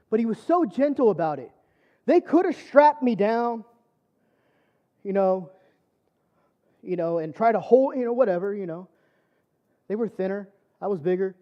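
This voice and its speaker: High-voiced man giving a testimony sermon. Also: animated, normal speed, pauses often, highs cut off. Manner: conversational storytelling, many fillers. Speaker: church speaker.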